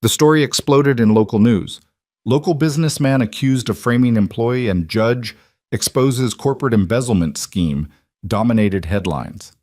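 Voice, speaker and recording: A man narrating a scripted drama story in a measured, even way. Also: mid-range voice, no echo, studio quality.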